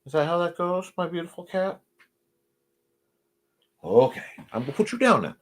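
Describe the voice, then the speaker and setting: A man's voice: fairly high pitch, lively intonation, normal speed, pauses often, bright, forceful tone, slight background noise. A man hosting a casual live stream, chatting while he draws and talking to his cats in a sing-song voice. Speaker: host.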